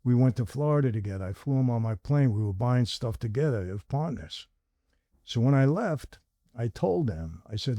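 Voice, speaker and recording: An older man hosts a sit-down talk, spinning long stories and voicing the people in them. His tone is mellow and relaxed. The sound is close and dry. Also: mid-range voice, normal speed, no echo. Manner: animated storyteller acting out quoted dialogue. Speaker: host. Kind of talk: conversational storytelling.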